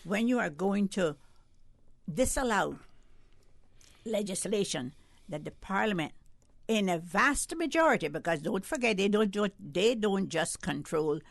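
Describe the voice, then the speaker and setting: Gravelly woman arguing a point. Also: medium pitch, animated, unhurried, dry recording. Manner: emphatic, argumentative, rising for emphasis. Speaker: guest. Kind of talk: call-in radio discussion.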